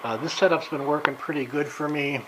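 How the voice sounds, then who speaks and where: Brief: older man vlogging from his home workshop, slightly winded, easygoing and halting, faint background noise. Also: a little high. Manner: relaxed, halting with frequent fillers. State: a little out of breath. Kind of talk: casual workshop show-and-tell.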